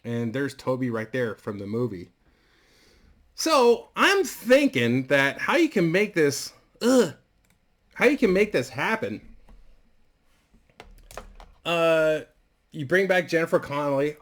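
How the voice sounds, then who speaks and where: A man's voice: mid-range voice, big pitch swings, slow pace, long pauses, fairly bright tone. A man casually and crudely rambling through a story idea, full of fillers and restarts. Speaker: vlogger.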